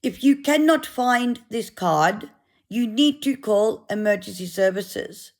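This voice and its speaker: A woman voicing a preachy female volunteer in a put-on South African accent, slow and patronizing. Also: on the high side, animated.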